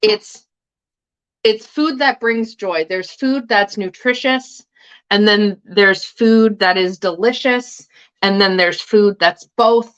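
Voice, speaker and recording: A woman talks casually on a livestream and drops swear words without a second thought. Her pitch sits in an ordinary middle range. The sound is dull and a little lo-fi. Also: a bit bright. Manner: chatty, eats while talking, swears casually. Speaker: tarot livestream host.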